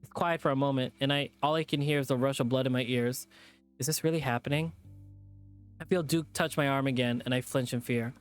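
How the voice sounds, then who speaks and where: A man's voice: mid-range voice, steady tone, brisk, clean tone, soft background music. A man streamer reading a visual novel aloud as narration, with plain delivery and the odd off-script aside.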